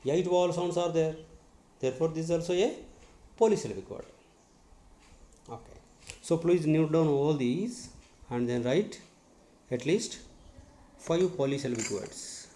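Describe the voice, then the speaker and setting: A male English teacher giving a lesson, spelling words letter by letter and repeating each one slowly. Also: fairly high pitch, dark tone. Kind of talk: classroom lesson on syllables. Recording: echoey room.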